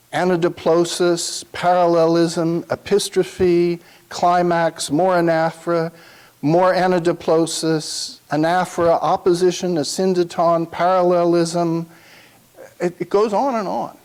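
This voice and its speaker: A man giving a university lecture, thinking aloud and reading quotations slowly and solemnly. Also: on the high side, a little mellow.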